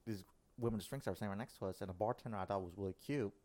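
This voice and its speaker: A man's voice: on the low side, racing. A male podcast host telling an embarrassing story in casual chat, often laughing as he talks. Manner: laughs often through his story, animated.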